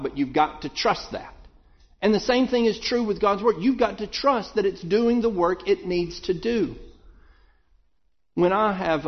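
A man's voice: fairly high pitch, highs cut off. A man preaching a sermon in a conversational, thoughtful way, often restarting and repeating words as he works through a thought.

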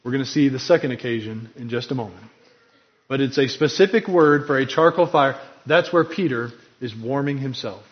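Pastor, male, fairly high voice, earnest and emphatic sermon delivery, dull lo-fi recording. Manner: earnest, emphatic preaching with dramatic quoted lines.

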